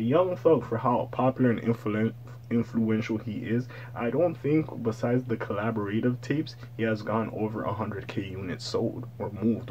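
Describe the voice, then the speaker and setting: A man's voice: on the low side, darkish tone, a little hiss or hum. A young man giving casual, profane music commentary, ranting loosely about an album. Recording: slightly dull, lo-fi audio.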